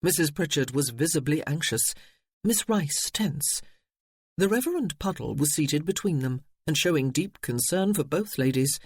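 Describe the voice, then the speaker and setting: A man reading a novel aloud in steady audiobook narration. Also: a little high, moderate pace, husky.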